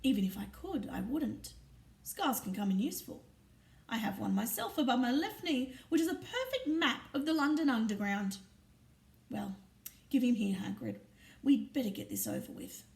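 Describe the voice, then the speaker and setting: Woman reading as a calm wry old wizard. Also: fairly high pitch, normal speed, vocal fry. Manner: soft, murmuring, wry. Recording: roomy echo, distant mic, faint ambience.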